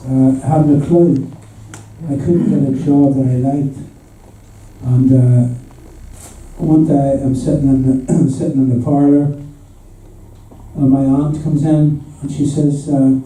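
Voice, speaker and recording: A man in his seventies from Northern Ireland, speaking with a Belfast accent, appears as a guest musician at an audience event in a hall, chuckling through his anecdotes. His voice is mid-range and warm, with a slow, flat delivery. The recording sounds echoey and distant.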